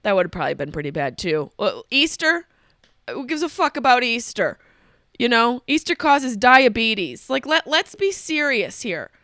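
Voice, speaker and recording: A woman hosting a podcast, telling a comic story in a profane, animated way and often interrupting herself. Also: on the high side, normal speed, no room sound, clean studio sound. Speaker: podcast host. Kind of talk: comedic storytelling monologue.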